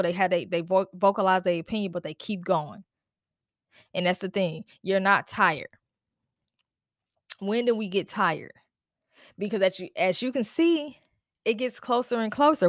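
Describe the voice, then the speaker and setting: A woman's voice: medium pitch, animated, moderate pace, no room sound, studio quality. A woman with children hosting a podcast, ranting in an angry, exasperated way, worn out and upset, swearing and repeating her questions. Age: adult with children. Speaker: podcast host. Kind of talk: impassioned solo podcast rant.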